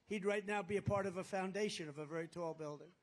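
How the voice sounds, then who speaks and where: A man's voice: high-pitched, fast. Rambling man giving a rally speech. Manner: rambling, boastful, repeats phrases. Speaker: political candidate. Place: rally at a golf resort.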